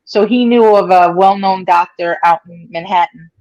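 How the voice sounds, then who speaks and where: A woman's voice: fairly low pitch, normal speed, darkish tone, dull audio. Chatty woman in her forties telling her story. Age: 40s. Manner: conversational, many fillers, acts out quoted speech. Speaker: interviewee, stroke survivor. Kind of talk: personal story in an interview.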